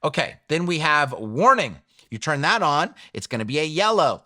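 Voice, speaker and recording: A man walks viewers through a web design tutorial, chatting casually and asking questions that he then answers himself. His voice is bright and a little high. The sound is dry and close, with almost no room echo. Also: very animated, moderate pace. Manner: conversational, asks and answers his own questions. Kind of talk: screen-share tutorial walkthrough.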